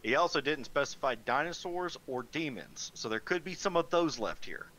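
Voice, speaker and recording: A man's voice: on the high side, animated, normal speed, pushed and bright, a little hiss or hum. A man playing a tabletop game, speaking plainly and dryly. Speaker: player. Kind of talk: casual chat at a tabletop game.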